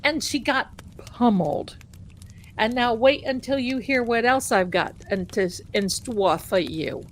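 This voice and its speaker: A woman with a Boston accent hosts a tarot livestream in a casual, sarcastic and animated way, often repeating herself for emphasis. She speaks slowly in a fairly high voice. A faint hum of room noise sits behind her.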